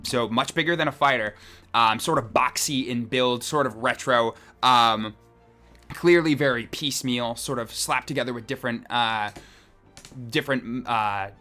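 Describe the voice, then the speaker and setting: A man's voice: medium pitch, normal speed, bright, forceful tone, soft background music. A man narrating as game master of a tabletop game, rambling and descriptive with many restarts.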